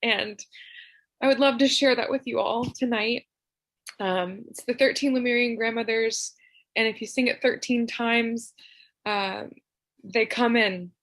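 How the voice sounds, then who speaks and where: A young woman from Tennessee sharing a heartfelt personal remembrance over a video call, soft and emotional, with frequent laughs and fillers. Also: on the high side, fairly even intonation, measured pace, no echo, rough recording. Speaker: memorial speaker.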